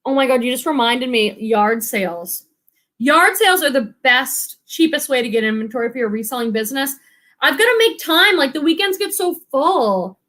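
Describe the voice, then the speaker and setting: A chatty woman in her thirties hosts a live stream and reads viewers' comments aloud. Her voice sits high, and she talks in a bubbly, rambling way, full of fillers and quick laughs. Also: animated, fairly bright tone. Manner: chatty, bubbly, many likes and ums, laughs often. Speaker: live stream host, online reseller. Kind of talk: casual live stream chat reading comments.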